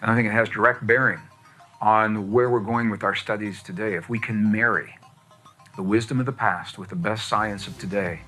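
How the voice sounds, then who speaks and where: Man giving a measured, deliberate talk. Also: fairly low pitch, fairly even intonation, sharp tone, faint music behind. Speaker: speaker on science and spirituality. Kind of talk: lecture talk.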